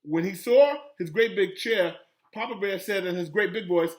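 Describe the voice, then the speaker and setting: A man, a school principal, reading a children's story aloud with animated, gasping, teacherly asides to young pupils. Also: sits high, normal speed.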